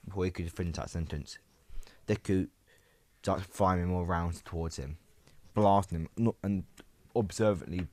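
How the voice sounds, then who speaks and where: A man's voice: deep voice, a little mellow, no room sound. A man casually narrating a fan story, rambling with many restarts and asides to his viewers.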